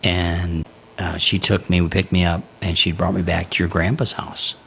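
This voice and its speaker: Man, low voice, gravelly, casual storyteller host, faint background noise. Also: normal speed. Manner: animated storyteller, laughs often. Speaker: podcast host.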